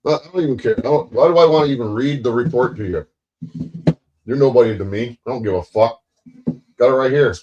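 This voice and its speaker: A man's voice: mid-range voice, a little fast, pauses often, a little mellow, highs cut off. A man hosting a livestream, ranting at his chat in a profane, taunting, confrontational way. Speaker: livestream host.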